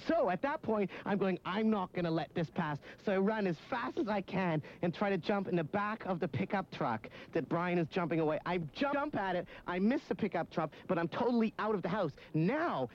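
A young man telling excitable, rambling anecdotes as a guest on a radio show. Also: high voice, moderate pace, few pauses, slight background noise. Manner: breathless, excitable, run-on storytelling. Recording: muffled lo-fi radio recording.

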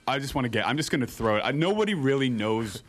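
Chatty Canadian radio host who laughs easily. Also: male voice, mid-range voice, big pitch swings, fast. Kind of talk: casual radio banter. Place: college radio studio.

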